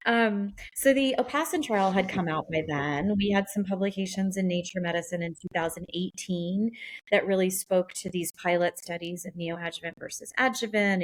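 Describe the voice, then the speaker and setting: A woman co-hosting a medical podcast and explaining a study in careful, methodical detail as a melanoma specialist. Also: lowish voice.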